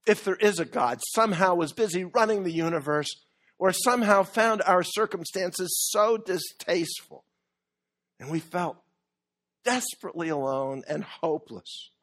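A man preaching a sermon earnestly, with measured pauses that build to emphatic peaks. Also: sits high, a bit bright.

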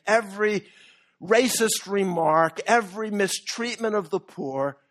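A man preaching a sermon earnestly, with measured pauses that build to emphatic peaks. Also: sits high, a bit bright.

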